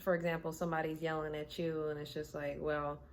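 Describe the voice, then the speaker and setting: A woman's voice: low-pitched, little pitch movement, quick pace, slight background noise. A woman who reads tarot, talking casually from her home in a blunt, candid, conversational way. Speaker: tarot reader. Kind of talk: casual chat.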